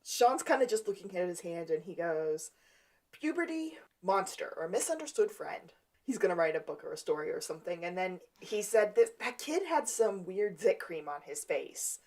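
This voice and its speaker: A woman's voice: fairly low pitch, sing-song, normal speed, a little mellow. A woman co-hosting a podcast, casually recapping a TV episode and retelling scenes with quoted lines. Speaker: podcast co-host.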